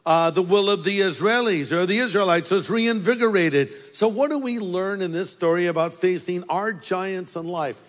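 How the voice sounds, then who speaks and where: A man's voice: sits high, moderate pace, few pauses. A man preaching a sermon as pastor, telling a story with playful asides to the congregation. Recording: long hall reverb.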